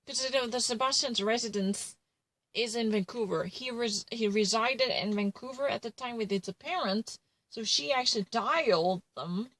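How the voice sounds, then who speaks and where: A woman's voice: fairly high pitch, moderate pace, fairly bright tone, poor audio. A woman retelling a true crime case in casual commentary, rambling and full of fillers and self-corrections.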